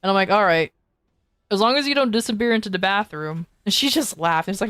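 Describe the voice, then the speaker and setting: A woman's voice: medium pitch, animated, fast talker, a bit bright, no echo. Young female streamer, casual chat, loose rambling storyteller who swears and laughs, dry booth-like sound.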